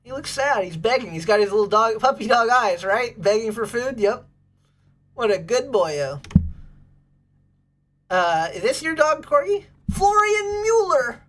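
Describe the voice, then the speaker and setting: A woman with a medium-pitched, expressive voice hosts a casual livestream, speaking at a measured pace with frequent pauses. She's bubbly and gushing as she chats with viewers, fawning over pets and thanking chat.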